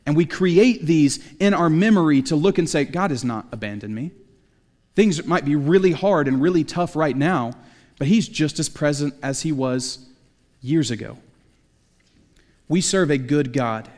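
A man's voice: fairly high pitch, a little slow, darkish tone, big-room sound. A man preaching a sermon in a conversational way, with jokey asides. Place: church sanctuary.

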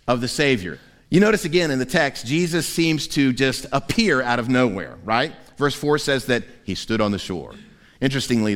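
A man preaching a sermon as pastor in a church, lively and humorous, acting out quoted voices. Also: medium pitch, long reverb tail. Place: church sanctuary.

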